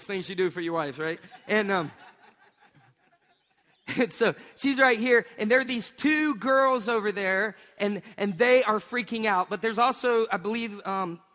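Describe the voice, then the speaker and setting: A man, preaching a sermon in an animated storytelling way. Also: sits high. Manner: storytelling, animated, acts out voices. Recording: long hall reverb.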